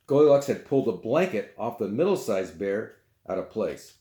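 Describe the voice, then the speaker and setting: Male storyteller reading to children, animated, chatty asides, roomy echo. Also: deep voice, moderate pace.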